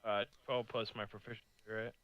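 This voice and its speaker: A man's voice: fairly low pitch, level tone, brisk, a bit bright, lo-fi sound. A man playing a tabletop game, laid-back, swearing casually and counting dice rolls aloud. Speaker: player.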